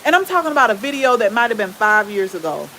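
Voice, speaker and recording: A woman with a Southern US accent and a relaxed drawl, chatting casually with viewers as the host of a gardening channel. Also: a little high, quick pace, slight background noise, low-quality recording. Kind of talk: casual live-stream chat with viewers.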